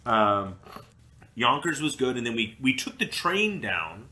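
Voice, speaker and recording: A man's voice: medium pitch, sing-song, unhurried, pushed and bright, slight background noise. A man co-hosting a podcast, telling a story in casual chat, acting out the people he quotes and laughing often. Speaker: podcast co-host. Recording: roomy echo.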